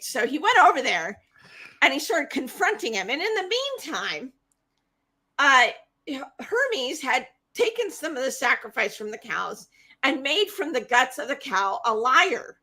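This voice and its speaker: Woman host, casual myth retelling, high voice, bright and lively. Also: a little slow. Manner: animated, chatty retelling with fillers. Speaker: podcast host.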